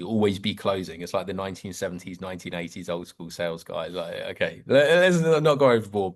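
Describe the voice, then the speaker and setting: A man coaching a group on a video call about sales, acting out customer dialogue in changing voices. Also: lowish voice. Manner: lively, acts out sales dialogue in varied voices.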